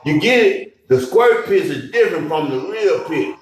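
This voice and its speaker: A man telling a crude story to friends in casual chat, animated and loud at times. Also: on the high side, moderate pace. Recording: echoey room, distant mic.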